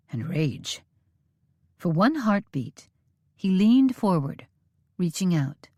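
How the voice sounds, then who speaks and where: A woman reading a western romance audiobook in measured, steady storytelling. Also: deep voice, dry recording, studio quality. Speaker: audiobook narrator. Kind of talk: scripted audiobook narration.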